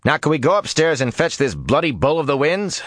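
A man's voice: fairly high pitch, big pitch swings, fairly quick, fairly bright tone, no room sound, clean studio sound, pitched above the performer's own voice. A man reading an audiobook, voicing an impatient, cocky young man with a growling, exasperated manner.

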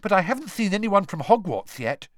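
A man voicing a young schoolgirl answering briskly in a storybook reading. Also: sits high, sing-song, dry recording, studio quality, pitched above the performer's own voice. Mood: plain. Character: young schoolgirl, plain and helpful.

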